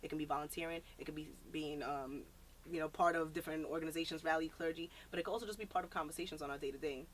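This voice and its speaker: A woman's voice: sits low, rapid-fire, a little hiss or hum. A woman guest on a podcast, talking earnestly in a casual interview with loose fillers. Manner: earnest, animated, many "like" and "um" fillers. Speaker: podcast guest, nonprofit founder.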